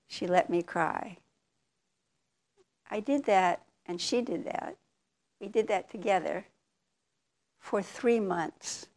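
An older woman giving a reflective talk as a meditation teacher, telling a personal story candidly and with soft laughs. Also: on the low side, gravelly.

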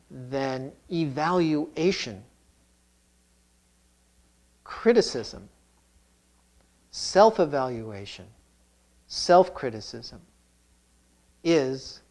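A man who teaches Zen, giving a calm, reflective dharma talk with touches of humor. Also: mid-range voice.

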